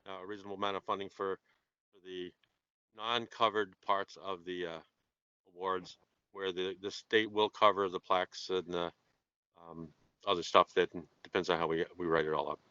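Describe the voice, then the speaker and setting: Halting man on a muffled call. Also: low voice, level tone, bright, forceful tone, clear, resonant tone, no room sound. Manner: halting, with many fillers and restarts, dry joking. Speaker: EMS council member. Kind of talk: conference-call meeting discussion. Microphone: remote call.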